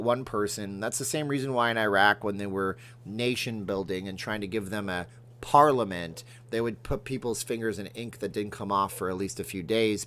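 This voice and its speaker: A middle-aged man from Canada hosting a casual livestream, reading viewer comments and rambling between jokes and remarks to his cat. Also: lowish voice. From Alberta, Canada. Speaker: livestream host.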